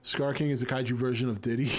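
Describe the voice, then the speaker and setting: A laid-back man in his forties chats casually on a livestream. He reads viewer comments aloud and answers them with easy jokes, at a middle pitch. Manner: laid-back, jokey, reacts to chat. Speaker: livestream host reading chat. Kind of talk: casual chat.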